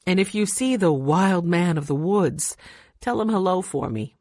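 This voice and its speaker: Friendly chatty lodge owner lady from a storybook, low voice, dry close recording, read by a woman. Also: animated, a little slow, darkish tone, no echo.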